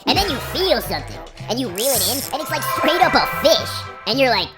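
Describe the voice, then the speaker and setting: Woman, comic monologue, exasperated deadpan, lively high voice. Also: a little fast. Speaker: comedian. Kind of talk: comedic monologue. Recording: music behind the voice.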